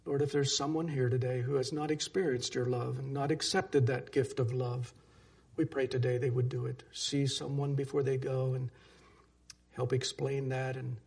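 Earnest male preacher, rough husky voice, storytelling into prayer. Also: medium pitch, darkish tone. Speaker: pastor. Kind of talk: sermon with closing prayer.

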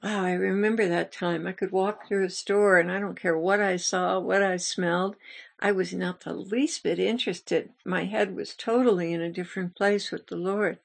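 Gravelly-voiced woman giving a devotional message. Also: fairly low pitch, steady tone, normal speed. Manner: earnest, confessional storytelling. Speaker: ministry host.

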